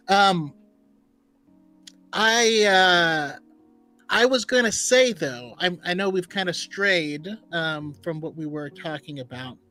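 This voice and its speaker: A man's voice: high-pitched, pushed and bright. A man co-hosting a fan podcast in casual chat, playful and jokey. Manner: playful, jokey, slow-talking. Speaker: podcast co-host.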